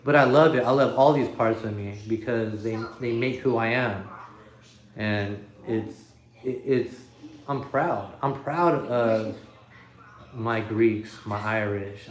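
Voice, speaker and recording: A man's voice: mid-range voice, echoey room. A man hosting a casual livestream from his living room, talking off the cuff into his phone and chuckling as he reads comments. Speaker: livestream host. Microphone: iPhone.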